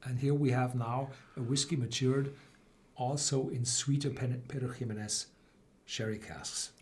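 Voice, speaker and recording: A man hosting a live whisky tasting, explaining slowly with many fillers and restarts. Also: mid-range voice, fairly even intonation, a little hiss or hum. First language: German. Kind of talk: live-stream tasting chat.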